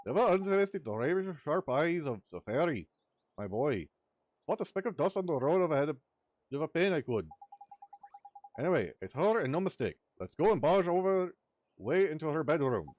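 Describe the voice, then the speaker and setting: A man voicing a loud, cheeky little male fairy sidekick who talks in a brash, bossy, slangy way. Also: on the high side, sing-song, fairly quick, slight background noise. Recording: faint music behind.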